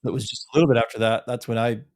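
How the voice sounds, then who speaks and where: A male podcast host who asks rambling questions in a relaxed way and answers with brief reactions. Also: mid-range voice, racing. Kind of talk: casual interview.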